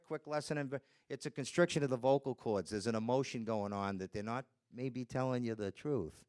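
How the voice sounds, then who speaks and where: A man lecturing on nonverbal communication at a medium pitch, with a smooth, clear voice. His delivery is animated, and he slips into quoted voices to make his points. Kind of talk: lecture presentation. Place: presentation room with slides.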